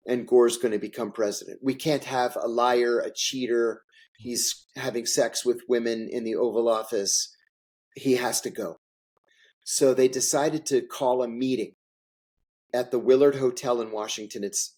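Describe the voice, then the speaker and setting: A former intelligence officer, interviewed as a guest, tells stories candidly and emphatically, repeating phrases for effect. His voice sits in the mid-range with a darkish tone.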